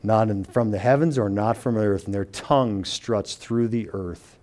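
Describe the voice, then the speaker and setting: A preacher with a lowish voice teaches a sermon, reading scripture slowly and quietly. He then explains it in his own words, restarting often and paraphrasing quotes.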